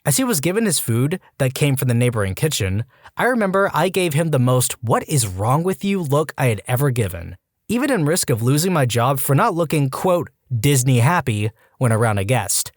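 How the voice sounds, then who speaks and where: Lively, animated male story narrator. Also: mid-range voice, no echo, clean studio sound. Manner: animated storytelling, quick asides. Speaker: podcast narrator. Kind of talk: scripted narration of reader stories.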